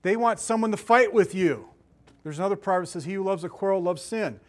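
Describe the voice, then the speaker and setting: A middle-aged man preaching a sermon in a conversational, animated way, with asides and laughter. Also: high-pitched, fast talker.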